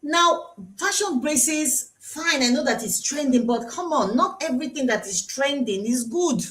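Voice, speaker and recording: A high-voiced Nigerian woman dentist talks to her viewers on a live stream. Her pitch swings widely as she teases them and hammers home her advice. She repeats the main points over and over. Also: expressive, a little slow, fairly bright tone. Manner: chatty, teasing, repeats key points for emphasis. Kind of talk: live-streamed health talk. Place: dental clinic.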